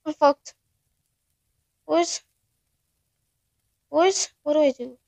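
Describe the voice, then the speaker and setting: A woman's voice: high voice, very slow, creaky, darkish tone, dry recording. A woman narrating her own horror game playthrough, panicky and swearing, talking straight to her viewers. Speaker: gaming channel host.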